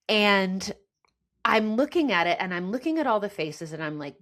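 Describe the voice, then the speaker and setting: A woman's voice: medium pitch, big pitch swings, moderate pace, a bit bright. A woman from the United States hosting a casual podcast chat, earnest and frustrated, often restarting her sentences. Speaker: podcast host.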